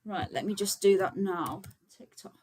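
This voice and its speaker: A woman's voice: mid-range voice, normal speed, a little mellow, husky. Young woman, casual livestream host, chatty, lots of filler words. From Birmingham, England. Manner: chatty and informal, many fillers, talks to viewers while setting up. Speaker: livestream host, vegan activist.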